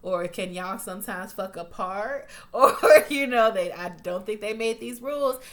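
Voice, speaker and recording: A chatty woman tears through a TV episode recap, swearing freely and slipping into the characters' voices as she goes. Her voice is bright and forward, set at a middle pitch for a woman. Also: measured pace. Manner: profane, blunt, chatty, acts out quotes. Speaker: TV recap vlogger. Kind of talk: casual recap.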